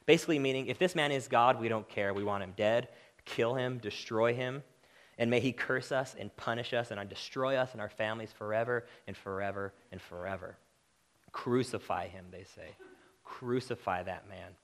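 A man delivers a sermon with real conviction, his voice swelling to loud, emphatic peaks before sinking back to quiet, earnest asides. He sits in a middling pitch for a man and talks to his listeners directly. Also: a little fast. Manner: impassioned, rising to emphatic peaks then dropping low. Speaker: preacher.

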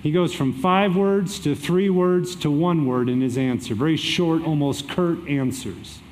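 High-voiced man preaching a sermon. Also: a little slow. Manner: energetic preaching with emphatic shifts. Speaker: pastor.

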